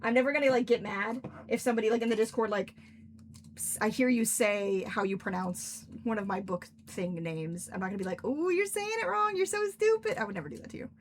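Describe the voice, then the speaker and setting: A woman's voice: mid-range voice, steady tone, fast, a little hiss or hum. A young woman, an author, chatting casually and rambling on a livestream, laughing often. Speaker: author and streamer.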